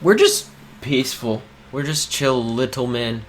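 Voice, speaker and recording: A man's voice: mid-range voice, a little slow. A young man co-hosting a podcast in casual chat, laid-back and easily amused. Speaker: podcast co-host.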